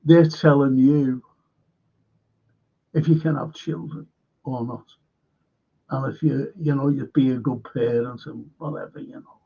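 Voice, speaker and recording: A man's voice: mid-range voice, fairly even intonation, measured pace, creaky, pauses often, highs cut off. A man hosting a film and TV review livestream, talking bluntly and swearing often as he rambles on, frustrated and in pain. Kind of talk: casual livestream chat.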